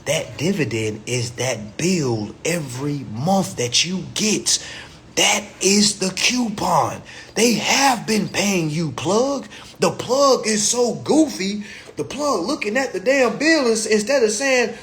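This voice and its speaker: Animated man ranting on a livestream. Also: high-pitched, takes it slowly. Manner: animated, profane street slang, acts out little dialogues. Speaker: host of a livestream. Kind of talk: casual livestream rant.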